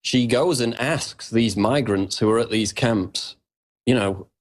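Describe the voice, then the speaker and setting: A man guest-hosting a talk radio show, speaking briskly and emphatically. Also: medium pitch, slight background noise. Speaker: guest host.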